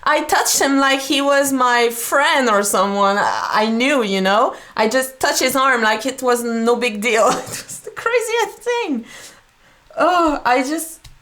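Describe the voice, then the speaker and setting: A young woman artist reacting to an old video of herself, talking slowly with many pauses and laughs, moved and at a loss for words. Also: on the high side, a bit bright. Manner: slow, halting, laughs often, moved and speechless. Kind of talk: emotional reaction vlog.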